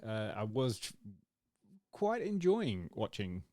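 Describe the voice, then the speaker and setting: Rambling low-voiced man chatting. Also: takes it slowly, no room sound, clean studio sound. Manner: rambling, animated, acts out his own reactions. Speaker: podcast co-host. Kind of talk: casual chat.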